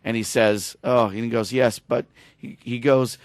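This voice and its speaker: A man's voice: medium pitch, moderate pace, dry recording. A man on a podcast retelling a TV episode in casual chat, acting out the dialogue and getting emotional. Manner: animated storyteller, acts out dialogue, gets emotional. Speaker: podcast host.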